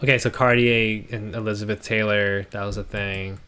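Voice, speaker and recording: A man's voice: on the low side, steady tone, a little fast, fairly bright tone, clean tone. A man streaming casual commentary, reading song lyrics aloud and critiquing them in a sarcastic, thinking-aloud way.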